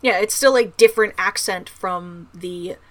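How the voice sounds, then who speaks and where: A woman from the American South, co-hosting a casual book podcast with eager, rapid bursts that trail off quietly. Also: lowish voice. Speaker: podcast co-host.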